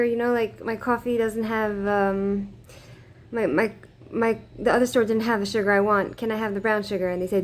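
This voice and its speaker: A woman's voice: medium pitch, level tone, brisk. A woman telling a personal story to her camera in a rambling, casual way, with many fillers, restarts and frequent laughs. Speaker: vlogger. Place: living in Israel.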